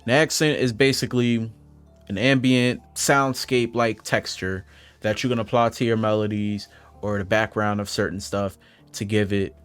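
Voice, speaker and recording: A man, a music producer, giving a casual tutorial in a loose, laid-back way with lots of fillers and asides. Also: fairly low pitch. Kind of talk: casual screen-recorded tutorial.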